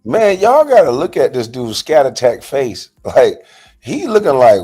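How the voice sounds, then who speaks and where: A man rants in a heated, profane reaction vlog, reacting to a panel clip by mocking and calling someone out. His voice is medium-pitched, husky and darkish, sing-song and a little slow.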